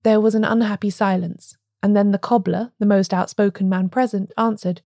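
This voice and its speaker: A woman reads a classic story aloud in a measured, even style. Her voice is warm and mellow, and the recording is close and dry with no room sound. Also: medium pitch, no echo. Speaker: narrator. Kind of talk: audiobook narration.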